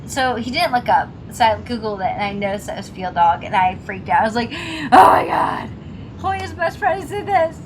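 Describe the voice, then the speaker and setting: A woman co-hosting a casual chat about a drama episode, retelling scenes with lively acted-out quotes. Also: medium pitch, background noise. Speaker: co-host discussing a drama episode.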